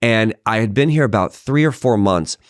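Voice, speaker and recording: A middle-aged male actor guesting on a podcast, telling stories in a lively, casual way and acting out what other people said. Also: lowish voice, moderate pace, dry recording, studio quality. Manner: animated storyteller who acts out quoted voices. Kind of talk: casual anecdotal storytelling. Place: podcast studio.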